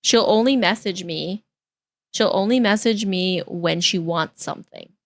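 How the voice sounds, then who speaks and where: A woman's voice: mid-range voice, unhurried, no echo. Candid woman streamer venting, dry sound. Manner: candid, rambling, with restarts and repeated phrases; exasperated venting. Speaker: VTuber streamer. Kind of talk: casual reaction-stream chat.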